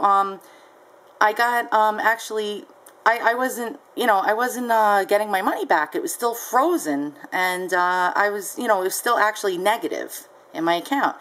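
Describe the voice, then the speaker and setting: A woman's voice: medium pitch, poor audio. A woman seller casually recounting a story on her vlog, chatty and peppered with ums and asides. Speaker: online seller.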